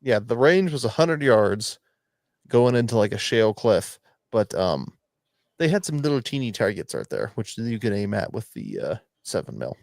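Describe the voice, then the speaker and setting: A man's voice: fairly low pitch, big pitch swings, normal speed, gravelly, darkish tone, no room sound, clean studio sound. A man hosting a podcast, rambling and swearing as he tells stories in casual chat. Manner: rambling, profane, storytelling. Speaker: podcast host.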